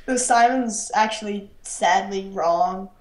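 A woman's voice: mid-range voice, slow pace, a little mellow, roomy sound. A woman chatting casually as a co-host friend, laid-back and amused. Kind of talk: casual chat.

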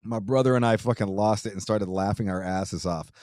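A man's voice: fairly low pitch, steady tone, brisk, darkish tone, no echo, studio quality. A man hosting his podcast, chatting casually and reading a listener's letter, loose and profane, laughing easily with frequent restarts. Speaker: podcast host.

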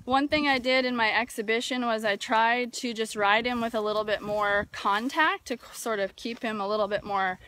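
Woman, fairly high voice, casual live chat, many ums, outdoors, phone, faint wind. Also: fairly even intonation, normal speed, hardly any pauses, sharp tone. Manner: thoughtful, many fillers and restarts. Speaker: barrel racing trainer hosting a live video. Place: outdoors near a barn, breezy. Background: wind noise.

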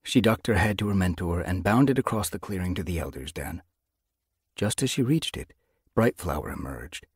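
Deep gravelly guy reading an audiobook, husky voice, dead dry close mic. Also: expressive, dry recording. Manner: measured storytelling. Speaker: audiobook narrator. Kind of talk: scripted narration.

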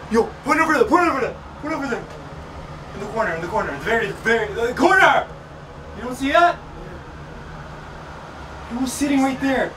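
A young man hosting a frightened ghost-hunt vlog in a dark house, jumpy and exclaiming and repeating himself. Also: extremely high pitch. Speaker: YouTube host. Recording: noisy home video.

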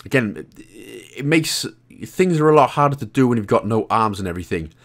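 A man's voice: medium pitch, lively intonation, fairly quick, gravelly, a bit bright. A Welsh man hosting a game walkthrough guide, giving jokey, chatty commentary with casual swearing. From Wales. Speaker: gaming guide host.

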